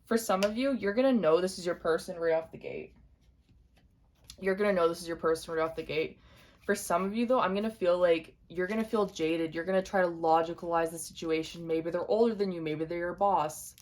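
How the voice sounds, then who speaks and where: A young woman giving an intuitive tarot reading to camera, speaking gently and repeating her points straight to the viewer. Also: fairly low pitch, brisk. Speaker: tarot reader.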